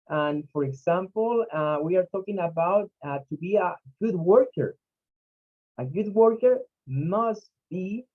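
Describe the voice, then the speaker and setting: An English teacher whose first language is Spanish gives an online pronunciation lesson, slowly drilling each syllable and sound. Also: medium pitch, phone-quality sound.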